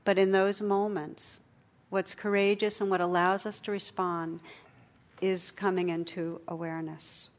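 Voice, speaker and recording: A middle-aged woman giving a meditation talk, telling stories and jokes with gentle pauses. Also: lowish voice, flat delivery. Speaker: meditation teacher. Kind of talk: dharma talk.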